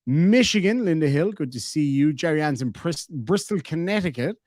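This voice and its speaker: A man's voice: fairly high pitch, expressive, moderate pace, darkish tone, no echo, clean studio sound. An Irish man in his thirties hosting a live stream, joking and reading out viewer comments in casual chat. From Ireland. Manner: jokey, reads viewer comments aloud.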